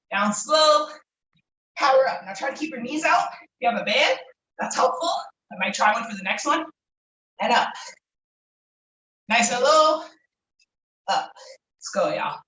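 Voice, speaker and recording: A woman leading a live workout class, energetic and encouraging, laughing and whooping while out of breath. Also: fairly high pitch, far from the mic. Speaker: fitness instructor. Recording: echoey room, voice from off-mic.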